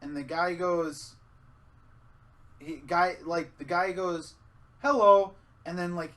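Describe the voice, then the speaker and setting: A young man co-hosting a podcast, telling stories in casual chat, animated and swearing freely. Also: fairly high pitch, takes it slowly. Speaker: podcast co-host.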